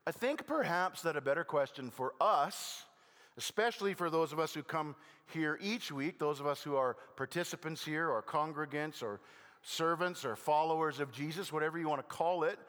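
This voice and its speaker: A man's voice: fairly high pitch, a bit bright. Older male pastor in a reverberant hall. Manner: conversational, self-deprecating humor with halting restarts. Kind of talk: sermon. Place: church sanctuary.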